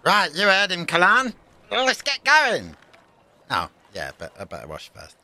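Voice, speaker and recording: Impulsive young adventurer, excitable and apologetic, higher voice, played by a man. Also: unhurried, full character voice. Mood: excited.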